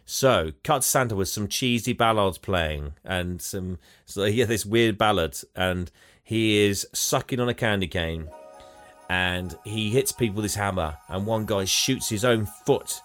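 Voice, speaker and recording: A man's voice: on the low side, unhurried, a bit bright, no echo, soft background music. A man casually recapping a film plot for a podcast, rambling and laughing as he acts out quotes. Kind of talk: casual chat.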